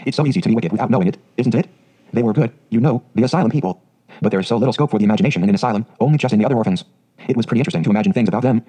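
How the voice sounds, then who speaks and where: A man's voice: lowish voice, mellow. Man voicing a breathless chatty orphan girl. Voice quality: clear sweet voice. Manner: breathless eager run-on chatter. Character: chatty imaginative orphan girl, about eleven.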